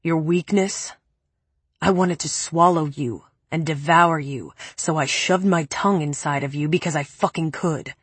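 A woman voicing a cold, cruel young man who speaks calmly and cuttingly in a low, flat tone. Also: a little slow, breathy edge, dry recording. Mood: cold, menacing.

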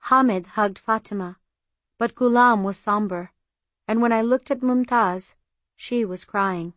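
A woman narrating an audiobook in the first person, in an even, measured reading. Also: on the high side, no room sound. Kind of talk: scripted narration. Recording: very dry close studio sound.

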